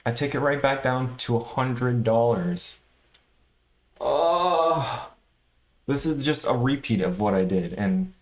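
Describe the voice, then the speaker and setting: Low-voiced man recapping trades, roomy echo. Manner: animated, swings between excited and frustrated. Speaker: day trader vlogger. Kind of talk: casual recap to camera.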